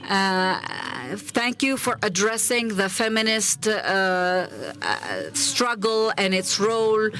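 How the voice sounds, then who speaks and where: A woman moderating a conference panel, halting with fillers and leading the crowd in call-and-response chants. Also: medium pitch, expressive, fairly bright tone.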